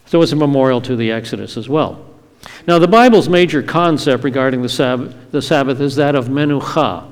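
A man giving an evening Bible teaching in a measured, explanatory way, reading scripture aloud. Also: mid-range voice, long reverb tail. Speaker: Messianic teacher.

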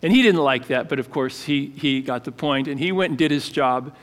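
A man pastor giving a conversational sermon, halting with fillers and restarts. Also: medium pitch, long reverb tail.

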